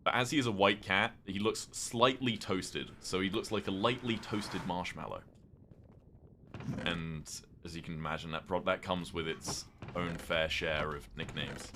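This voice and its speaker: A man's voice: low voice, measured pace, noisy background. A British man streaming a game, chatting casually and rambling as he reads viewer messages aloud. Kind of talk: casual gameplay chat.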